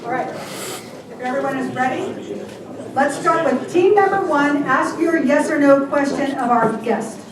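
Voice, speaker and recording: A woman's voice: high voice, measured pace. An older woman hosting a group game, reading out the rules in a playful way. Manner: playful, reads rules aloud. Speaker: event host. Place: large hall with an audience. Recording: echoey hall from far off, crowd noise.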